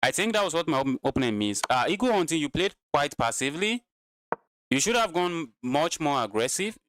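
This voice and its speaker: A man's voice: on the high side, big pitch swings, a little fast, a bit bright, a little hiss or hum. A man commentating his own live chess games, talking to his chat and repeating phrases while he plays, sounding tired. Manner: repeats himself, talks to chat. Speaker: chess streamer.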